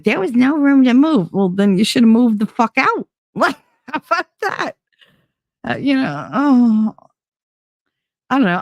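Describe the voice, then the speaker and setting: A woman with a fairly low voice talks in a blunt, casual storytelling style, swearing freely and leaning on "like". The recording is dry and close. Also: a little mellow, no room sound. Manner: blunt and profane, heavy use of "like". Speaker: podcast host.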